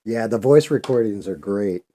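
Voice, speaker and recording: Deep-voiced, mellow man chatting. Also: expressive, moderate pace. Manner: loose, rambling, profane. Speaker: livestream host painting. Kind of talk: casual livestream chat.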